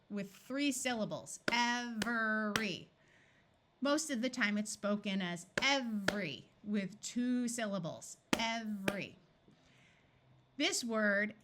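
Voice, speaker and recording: An American woman leads a phonics lesson in a measured, teacherly voice. She says each word slowly and carefully so that every sound can be heard. Her pitch sits in the middle range for a woman. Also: background noise. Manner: clear, deliberate word-by-word enunciation. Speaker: reading tutor.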